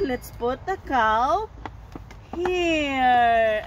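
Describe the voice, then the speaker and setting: A woman's voice: fairly high pitch, lively intonation, drawn-out words. A young mother playfully teaching her toddler about animals, with an exaggerated, encouraging voice. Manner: sing-song, exaggerated and encouraging. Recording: noisy background.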